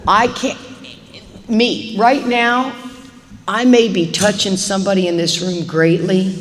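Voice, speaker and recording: A middle-aged woman speaks to a live meeting audience in a recovery talk. She is animated and acts out quick little exchanges as she makes her points. Her voice carries with a long hall reverb over a faint hiss. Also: mid-range voice.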